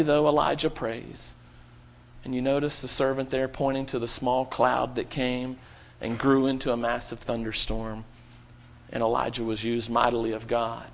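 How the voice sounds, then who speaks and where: A man's voice: medium pitch, dull audio. A man preaching a sermon to his congregation, with dramatic rising and falling emphasis.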